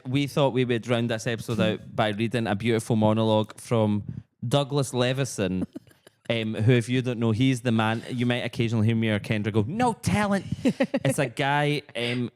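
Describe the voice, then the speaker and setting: A man's voice: on the low side, smooth, no room sound, studio quality. A man co-hosting a podcast in a joking, rambling casual chat. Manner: joking, rambling, laughs often. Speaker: podcast co-host.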